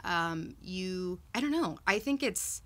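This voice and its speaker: A woman's voice: fairly low pitch, animated, slow, fairly bright tone. A young adult woman puppeteer talking casually in an interview, explaining things step by step and laughing often. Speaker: puppeteer guest.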